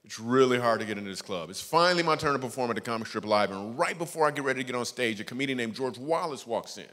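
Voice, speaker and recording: A man's voice: mid-range voice, fast. Guy doing stand-up stories at church, acts out all the voices, big echoey hall. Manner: lively storyteller acting out quoted voices. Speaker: guest comedian. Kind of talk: stand-up storytelling. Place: church stage before a live audience.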